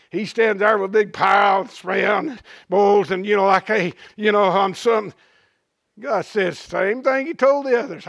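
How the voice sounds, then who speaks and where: A man preacher delivering a sermon through dramatic storytelling, drawing phrases out slowly and dropping his voice low. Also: vocal fry, fairly bright tone, dry recording, studio quality.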